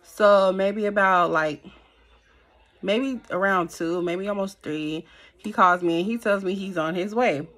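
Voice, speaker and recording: A young woman telling a personal story to camera in a casual, slangy, animated way. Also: mid-range voice, measured pace. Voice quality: animated, slangy and conversational, with many fillers. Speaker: storytime vlogger.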